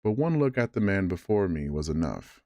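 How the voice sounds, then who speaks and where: A man with a deep, low voice reads a bedtime story aloud in a measured way, now and then tripping over a word. The sound is dry and close, with no room around it. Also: sing-song, a little mellow, no echo, highs cut off.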